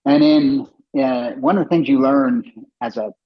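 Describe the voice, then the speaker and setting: A middle-aged man with a husky, mid-pitched voice tells stories as an interview guest. He slips into animated voices for the people he quotes. The recording sounds muffled and lo-fi. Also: unhurried. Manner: animated, acts out quoted dialogue in other voices. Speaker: company co-founder and guest. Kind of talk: casual storytelling interview. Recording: dull lo-fi podcast audio.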